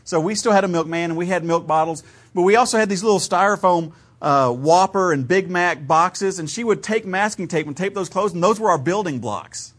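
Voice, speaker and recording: Guy preaching a sermon, chatty storytelling style, kinda high voice, from ohio. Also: brisk, a bit bright. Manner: conversational storytelling preacher, varied emphasis, laughs at own stories. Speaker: pastor.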